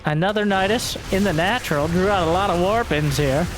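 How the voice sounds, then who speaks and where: A man casting a strategy game match solo, joking along and bursting into high-pitched exclamations. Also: a little fast, music in the background. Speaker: esports caster. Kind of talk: solo play-by-play commentary.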